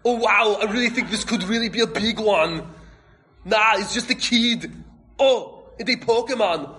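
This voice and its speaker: A man voicing a bossy, hot-tempered teenage girl in a scolding falsetto at a live comic script read. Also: normal speed, bright, forceful tone. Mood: excited.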